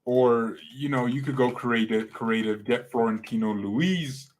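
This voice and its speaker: Speaking a little slowly in a medium-pitched voice, this fan channel host rambles casually on a live stream. He's excitable and jokey, puts on playful accents, and addresses viewers as "guys" and "bro."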